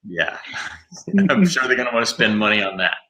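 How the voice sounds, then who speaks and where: Middle-aged guy, low voice, really bright edge, wry jokes. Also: big pitch swings, moderate pace. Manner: dry, wry humor. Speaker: guest actor. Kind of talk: video call interview.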